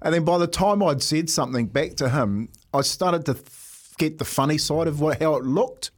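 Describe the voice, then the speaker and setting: Here a New Zealand man co-hosting breakfast radio shares stories during a relaxed studio chat. He's animated and laughs as he talks, his voice fairly high and his pace moderate.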